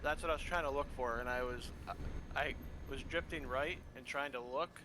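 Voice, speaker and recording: A man's voice: medium pitch, fairly quick, background noise. A man hosting a gaming channel, chatting casually while driving a truck in a game, rambling and correcting himself as he goes. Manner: rambling, self-correcting, laughs at his own mistakes.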